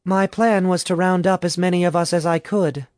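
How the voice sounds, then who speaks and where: A man voicing a sharp-tongued young female student who can read minds and scolds bluntly in a storybook reading. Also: fairly low pitch, steady tone, moderate pace, dry recording, clean studio sound, voice pushed up, close to an everyday voice. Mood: scolding.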